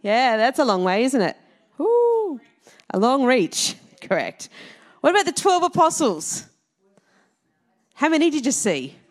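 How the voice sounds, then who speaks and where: Chatty Australian woman preacher, higher voice. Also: big pitch swings, moderate pace. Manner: chatty, laughing, quizzing the audience. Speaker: Salvation Army minister. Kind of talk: church talk to a congregation.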